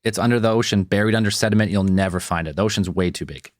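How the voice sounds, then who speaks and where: A man's voice: deep voice, dry recording. A man co-hosting a podcast, rambling and swearing freely in casual chat. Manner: rambling, swears, quick to joke. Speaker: podcast co-host.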